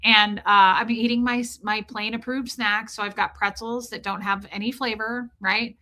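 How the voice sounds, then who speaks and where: A woman hosting a livestream, telling a comic story in a casual, profane, animated way and calling out viewers in the chat by name. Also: fairly high pitch, normal speed. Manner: animated, profane, ranting, reads chat names aloud. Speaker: livestream host.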